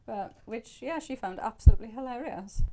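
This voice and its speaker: A woman's voice: on the high side, brisk, dark tone, slight background noise. Chatty Welsh woman crafting on air. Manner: chatty, explains each step as she works. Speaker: craft demonstrator. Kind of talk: live craft shopping demonstration.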